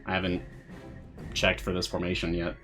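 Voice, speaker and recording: A man's voice: low voice, moderate pace, soft background music. A man hosting a live game stream, chatting casually and answering viewer questions with frequent laughs. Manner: relaxed, chatty, laughs often.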